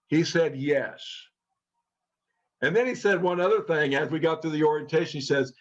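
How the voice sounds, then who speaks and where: A man's voice: fairly high pitch, normal speed. A middle-aged man telling a personal story earnestly to a group as a trainer. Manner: earnest, quotes people in lively tones. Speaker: co-founder and trainer. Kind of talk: storytelling talk. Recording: dull lo-fi sound.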